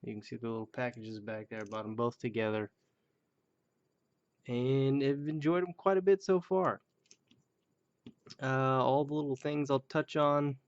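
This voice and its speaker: Male collector with a gravelly, mid-pitched voice, casual and jokey, muttering asides; dull home video sound. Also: steady tone, measured pace, pauses often. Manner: loose, joking and self-deprecating, with muttered asides. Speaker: toy collector reviewing action figures. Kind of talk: casual rambling video review.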